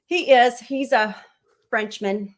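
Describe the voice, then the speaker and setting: A woman's voice: on the high side, slow. A middle-aged woman chatting as a guest on a livestream, rambling casually with laughs and fillers.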